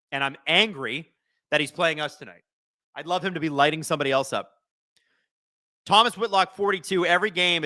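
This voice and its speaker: On a live watch-along stream, a man with a bright, somewhat high voice jokes around and reads chat from viewers, his pitch rising and falling widely. He comes across as excitable and conversational.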